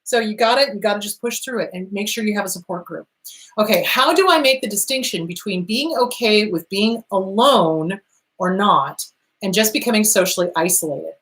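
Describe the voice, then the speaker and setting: A woman's voice: medium pitch, lively intonation, moderate pace, fairly bright tone. A middle-aged woman therapist hosting her own show, giving blunt, upbeat advice straight to her viewers, with emphatic, cheerleading encouragement and the odd swear. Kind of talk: direct-to-camera advice talk.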